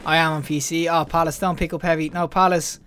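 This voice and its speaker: Young male gamer, high-pitched and excitable, live play commentary, faint background noise. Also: fast. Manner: excitable, yelps and laughs at deaths. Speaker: gaming YouTuber.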